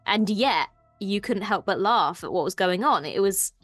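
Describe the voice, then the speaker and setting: A woman's voice: medium pitch, lively intonation, normal speed, fairly bright tone, dry recording, faint music behind. A woman with an Irish accent co-hosting a casual TV discussion, chatty and enthusiastic. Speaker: co-host.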